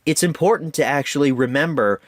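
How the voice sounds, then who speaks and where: A man's voice: a little high, fairly quick, no echo, clean studio sound. A man giving a casual, enthusiastic film review with a few stumbles. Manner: enthusiastic, lively, occasional stumbles. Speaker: movie reviewer.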